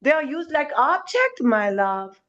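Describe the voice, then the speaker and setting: A woman's voice: high-pitched, big pitch swings, unhurried, a bit bright, dull audio. A woman speaking as a gives an impassioned spiritual talk, emphatic, calling her listener darling and now and then swearing.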